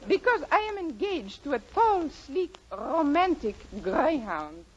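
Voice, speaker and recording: An actress playing a flirty French poodle with a put-on French accent in a 1940s radio comedy. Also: female voice, high voice, very animated, measured pace. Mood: coquettish. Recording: dull lo-fi old radio recording with loud hiss.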